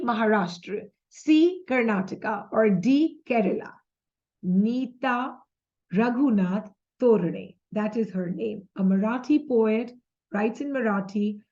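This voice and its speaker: A woman's voice: a little high, lively intonation, takes it slowly, mellow, highs cut off. Indian English woman tutoring exam questions. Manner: mixes Hindi into English, explains with examples. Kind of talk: lively quiz lesson.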